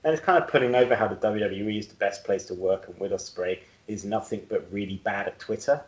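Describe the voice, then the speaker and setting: A man's voice: fairly low pitch, fast. A man co-hosting a podcast in casual chat, joking and laughing at his own jokes. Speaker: podcast co-host. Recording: roomy, dull-sounding audio.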